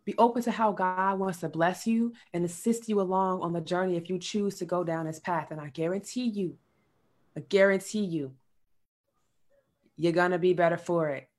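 Preachy woman guest, low voice. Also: fairly even intonation, moderate pace, darkish tone. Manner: earnest, preachy, casual slang and swearing. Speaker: podcast guest, sexual health coach. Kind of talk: casual spiritual chat.

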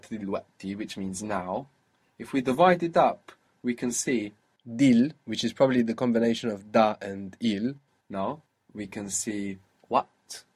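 A man's voice: lowish voice, a little mellow, breathy edge. Patient male language teacher. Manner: patient, explains pronunciation slowly. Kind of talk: spoken language lesson.

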